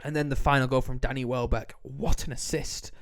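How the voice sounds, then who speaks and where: Lively young man talking football. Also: medium pitch. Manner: animated, quick, acts out quotes. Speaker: podcast co-host. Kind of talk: casual football chat.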